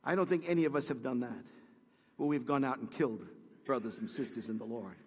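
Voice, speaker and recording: A middle-aged man preaching a sermon to his congregation, swinging from hushed, low passages to loud, high, shouted peaks. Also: a little fast, husky, big-room sound. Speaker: pastor. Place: church sanctuary.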